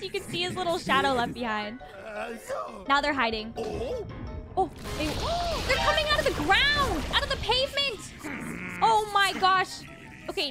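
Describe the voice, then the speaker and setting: A young woman hosting a reaction video, exclaiming, gasping and laughing as she comments. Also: extremely high pitch. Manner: exclaims, gasps and laughs often. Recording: loud music behind.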